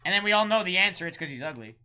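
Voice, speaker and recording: A man hosting a live-streamed trading card break, rattling off pulled cards, shouting out big hits and bantering with chat. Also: high-pitched, animated, smooth. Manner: rapid-fire calling of card names, shouting big hits; chatty, teasing banter with chat.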